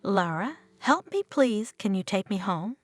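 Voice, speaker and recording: Lady narrator doing a heartbroken widower guy, pleading, lively rising and falling voice. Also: medium pitch, a little slow, soft background music. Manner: pleading, bewildered. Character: grieving, shocked middle-aged widower.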